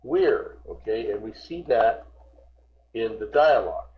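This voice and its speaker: A man's voice: on the low side, animated, measured pace, dull audio, a little hiss or hum. A man teaching an online group English class, patiently repeating words to correct pronunciation. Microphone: video call.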